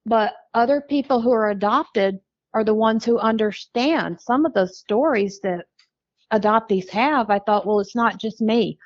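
A woman's voice: a little high, unhurried, a little mellow, dry recording, highs cut off. A middle-aged American woman, a podcast guest, tells her life story candidly and wryly, acting out what people said. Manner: candid, wry storytelling with quoted dialogue.

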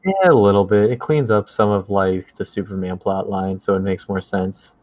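Young guy ranting about movies, kinda low voice, dry close sound. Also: moderate pace, dry recording. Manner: ranting, sarcastic, animated. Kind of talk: casual movie chat.

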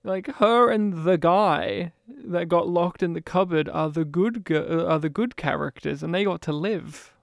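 A man co-hosting a casual film review chat, talking in an animated, rambling way. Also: sits high, vocal fry, no room sound, studio quality. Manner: animated, rambling, quick to mimic characters. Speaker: film podcast co-host.

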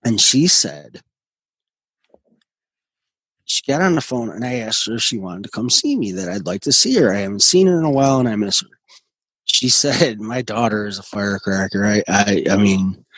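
A man in his forties, a guest telling his recovery story in a halting, earnest way with many restarts. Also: on the low side, fairly bright tone, husky, dry recording, low-quality recording. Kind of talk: personal recovery story in conversation.

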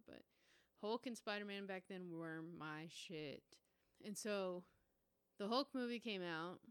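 A young woman from the United States hosting her own podcast, telling a story in a casual, profane, animated way. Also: mid-range voice, smooth, dry recording. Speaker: podcast host.

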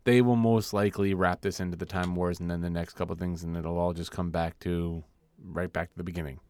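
A man co-hosting a podcast, chatting casually, animated, acting out scenes in put-on voices and swearing freely. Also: deep voice, fairly quick, clean tone. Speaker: podcast co-host. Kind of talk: casual chat.

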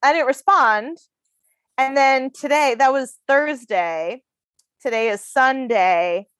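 A woman's voice: sits high, takes it slowly, a bit bright, no echo. A woman co-hosting a podcast, telling a long story in a chatty, swearing, laughing way. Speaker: podcast co-host. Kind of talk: casual chat.

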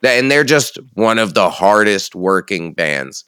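A young man with a lower, smooth and clear voice, chatting casually on a podcast. He rambles enthusiastically and swears freely, and the sound is dry and close. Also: expressive, unhurried, fairly bright tone, dry recording. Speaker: founder of a music feature site.

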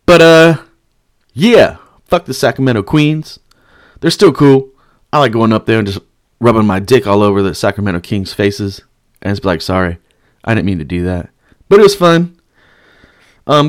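A young man telling a rowdy story in casual, profane speech, breaking into loud chants and shouts. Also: fairly low pitch, dry recording, clean studio sound.

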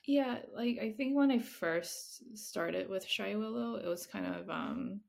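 A woman's voice: medium pitch, measured pace, vocal fry, darkish tone. A woman, a picture book author, chatting casually in an interview, hesitant and full of "like" fillers, often laughing.

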